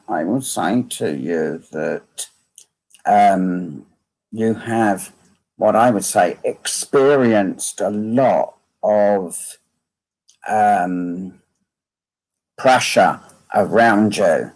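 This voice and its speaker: Slow, gravelly man giving a medium reading. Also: fairly low pitch, darkish tone. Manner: slow, repetitive phrasing, asking "can you understand this?". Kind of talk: live online mediumship reading.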